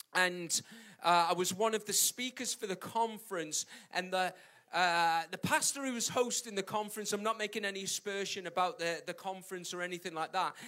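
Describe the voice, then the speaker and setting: British man, preacher, high voice, emphatic, repeats points, joking asides. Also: normal speed, bright, forceful tone. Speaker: pastor. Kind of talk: sermon.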